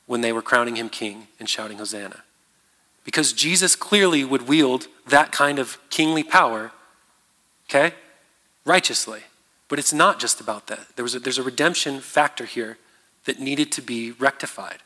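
Halting pastor preaching in an echoing hall. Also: male voice, medium pitch, bright, forceful tone. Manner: conversational, halting, many fillers and restarts. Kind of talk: sermon. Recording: long reverb of a large hall.

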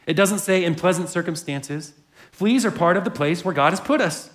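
A man voicing a calm, devout adult woman prisoner, speaking matter-of-factly. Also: sits high, normal speed, natural voice. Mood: firm.

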